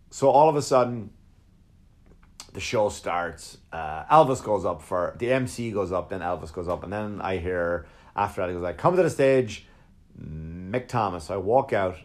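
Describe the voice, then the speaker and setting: A man, a comedian, telling a rambling, profanity-laced story in casual conversation, slipping into quick impressions of the people in it. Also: low voice, lively intonation. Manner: profane, rambling, mimics others in quotes.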